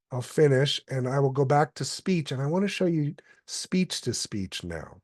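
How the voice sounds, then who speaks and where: A man's voice: medium pitch, moderate pace, hardly any pauses, no room sound. Man giving a dry, close tutorial. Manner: explanatory, steady, with occasional fillers. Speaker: presenter. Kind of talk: software tutorial walkthrough.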